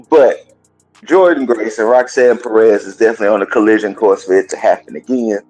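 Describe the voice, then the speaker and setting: A man hosting a gaming and wrestling podcast, casually recapping a show in a colloquial, chatty way and pausing now and then to cough. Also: on the low side, dark tone, soft background music, low-quality recording.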